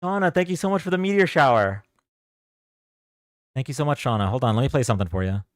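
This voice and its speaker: A man's voice: medium pitch, lively intonation, quick pace, no echo, clean studio sound. A young man hosting a casual livestream, chatting loosely and thanking viewers for donations as he goes. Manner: chatty, thanks donors, reads chat aloud. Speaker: livestream debate host.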